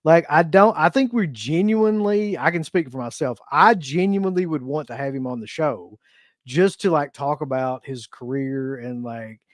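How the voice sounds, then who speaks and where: Male co-host, earnest and methodical, slightly high voice, dry close sound. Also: normal speed, dry recording. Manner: earnest, lays out points in numbered order. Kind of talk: casual talk-show discussion.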